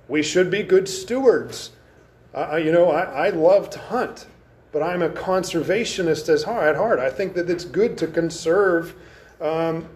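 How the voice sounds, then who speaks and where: A man with a fairly high voice teaches an adult Bible class in a church classroom. He speaks with emphasis, reading scripture aloud and dwelling on key words. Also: darkish tone. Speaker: Sunday school teacher.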